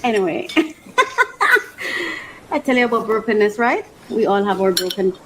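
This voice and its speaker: A woman's voice: medium pitch, normal speed, background noise. A woman vlogger chatting casually as she unboxes, exclaiming often and laughing between phrases. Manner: thinks aloud about her life.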